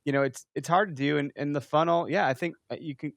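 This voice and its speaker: Brief: quick-talking male podcast host, mid-pitched, easygoing storyteller, dry close sound. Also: creaky, no room sound. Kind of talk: casual podcast conversation.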